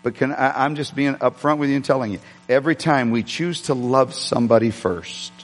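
A man's voice: medium pitch, fairly quick, long reverb tail, faint music behind. A man preaching a sermon, telling a personal story conversationally with frequent restarts. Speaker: pastor.

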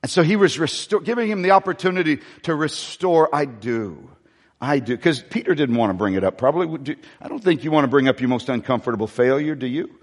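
Male pastor, sermon, conversational, folksy asides, slightly high voice, long hall reverb. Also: lively intonation, fast talker, few pauses.

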